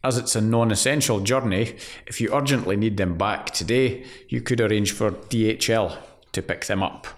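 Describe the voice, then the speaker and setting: A man's voice: fairly low pitch, normal speed, few pauses. A man co-hosting a casual chat about an employment law case, reading out case details in a dry, wry way. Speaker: podcast co-host.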